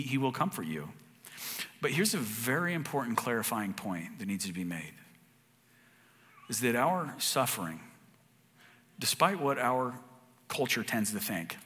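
A man delivers a sermon in an earnest, conversational manner, restarting phrases as he works through his point. His voice is bright and forward. A long reverb from the large room trails each line. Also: mid-range voice. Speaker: pastor.

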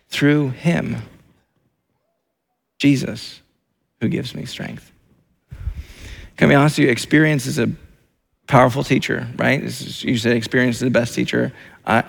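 Male pastor, gravelly voice, preaches a sermon in emphatic, repeating phrases. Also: mid-range voice. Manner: repetitive, emphatic preaching with many restarts.

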